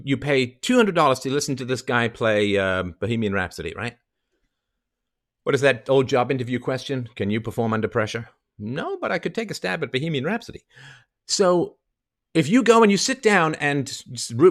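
A middle-aged man rants through a commentary segment, mocking and profane, with heavy emphasis on each point. His pitch swings widely as he talks. He sounds like a show host tearing into someone he disagrees with. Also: a bit bright. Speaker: podcast host commenting on a clip. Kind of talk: ranting commentary.

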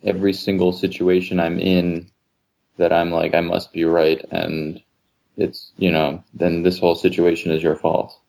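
Man, caller, very deep voice, gravelly, mellow, hesitant, lots of ums. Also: level tone. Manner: hesitant, halting, many ums. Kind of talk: call-in advice talk.

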